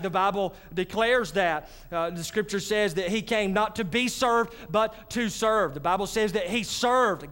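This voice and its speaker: A man's voice: sits high, a bit bright, clean tone. A male pastor, preaching a sermon in a church and talking directly to his congregation. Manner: conversational preaching with asides to the congregation. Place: church sanctuary.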